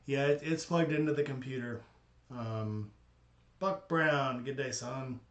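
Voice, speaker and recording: A man's voice: medium pitch, a little slow, a bit bright, muffled recording. A man streaming live from a small home studio, chatting casually with viewers and thinking aloud with a slightly hesitant manner. He talks into a desk condenser microphone. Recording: roomy echo from the room.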